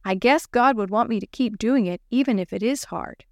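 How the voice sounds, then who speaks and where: A woman voicing an eager young schoolgirl in a children's story, a little higher and bright. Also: moderate pace, no echo, lightly acted.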